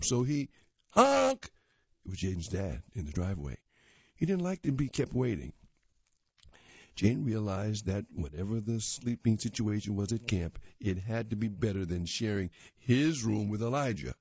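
A man with a low, husky, mellow voice reads a magazine story aloud at a plain, unhurried pace. The recording is dull and lo-fi, and the room is dry. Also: no room sound. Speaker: reader.

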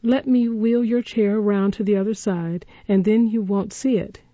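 A woman's voice: mid-range voice, fairly even intonation, normal speed, no echo, phone-quality sound, voice pushed up, natural voice. A woman reading as a kindly fussing old housekeeper. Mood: fond, coaxing. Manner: motherly, bustling.

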